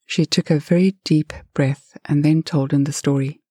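A woman narrates a story with a low, dark and husky voice. Her telling is lively and dramatic, recorded close and dry. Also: normal speed, dry recording.

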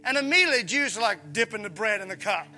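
Bright high-voiced pastor preaching. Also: male voice, fast, soft background music. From Mississippi, USA. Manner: animated, acts out voices, calls on the congregation. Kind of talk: sermon.

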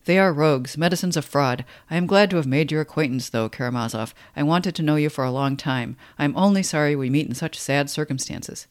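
A man voicing a pompous, clever thirteen-year-old boy, speaking eagerly and a little loud, in a book reading. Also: on the high side, fairly quick, few pauses, no echo, studio quality, close to an everyday voice. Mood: showing off.

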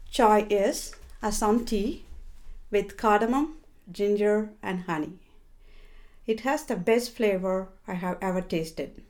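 Older woman, unhurried, earnest, careful, prepared reflection, small grammar slips. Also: mid-range voice, darkish tone. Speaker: guest.

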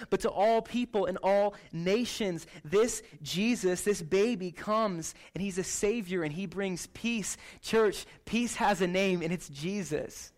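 Male pastor, high bright voice, loose chatty sermon delivery, keeps checking in with the room. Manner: animated, chatty, lots of "like" and "right?" tags. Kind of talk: casual conversational sermon.

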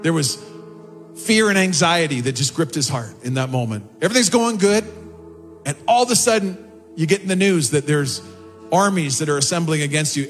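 A man preaching a sermon as a pastor, impassioned and rising in pitch on prayers and quotes, with faint music behind. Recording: long hall reverb with faint music behind. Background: soft music.

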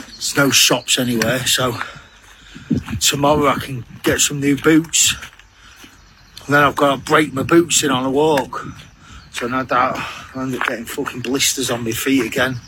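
A man's voice: medium pitch, little pitch movement, unhurried, long pauses, background noise. A man grumbling in a weary, sweary video diary from a walking trail. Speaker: long-distance walker recording a video diary.

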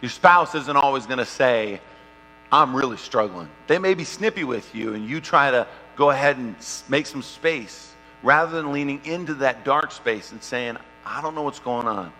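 A man preaching a sermon and telling a personal story, shifting between loud, lively stretches and quiet, hushed ones. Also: mid-range voice, moderate pace, soft background music. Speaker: pastor. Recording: long hall reverb, faint mains hum.

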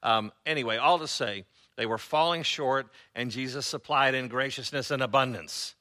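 A man preaching a sermon as pastor, conversational and sarcastic, often pausing on fillers. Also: medium pitch, bright, forceful tone.

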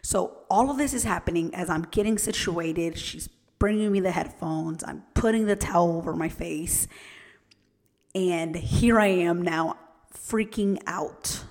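Earnest woman with a gravelly low voice. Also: a little slow, a little mellow, in a large hall. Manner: earnest, personal, addresses listeners as "you guys". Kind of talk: casual storytelling to listeners.

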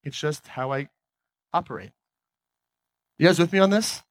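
A man giving an energetic motivational talk on stage, often asking the audience questions. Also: on the high side, normal speed. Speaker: motivational speaker.

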